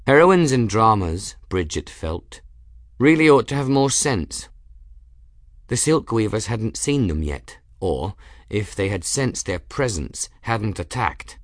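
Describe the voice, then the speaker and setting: A man with a lowish voice reads a scripted audiobook in an even, measured way. The studio sound is clean, with no room sound.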